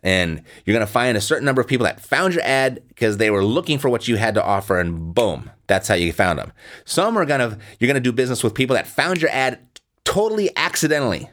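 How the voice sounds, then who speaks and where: A man's voice: mid-range voice, big pitch swings, fast talker, fairly bright tone. A man coaching listeners on real estate investing in a blunt, emphatic way, repeating points for stress. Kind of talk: instructional talk.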